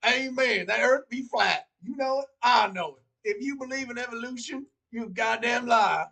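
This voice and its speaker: Man putting on a brash Southern preacher type, put-on drawl, pitched up and hollering, preachy and loud. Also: moderate pace, creaky, distant mic, exaggerated voice. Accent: American Southern, put on.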